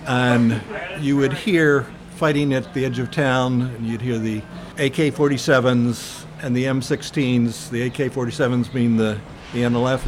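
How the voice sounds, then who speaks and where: An older American man giving an oral history interview, telling his memories in an earnest, reflective way with frequent pauses and fillers. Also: mid-range voice, darkish tone, slight background noise.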